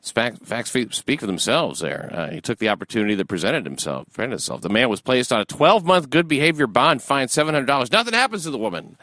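A man hosting a talk show, rambling in crude casual chat, full of fillers and halting restarts, now and then profane. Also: mid-range voice, very animated, sharp tone, no echo. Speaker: radio show host.

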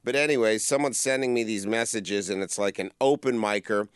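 A man's voice: fairly low pitch, brisk, clear, resonant tone, no room sound, studio quality. A middle-aged man co-hosting a podcast, riffing in crude, profane comic banter. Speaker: podcast co-host.

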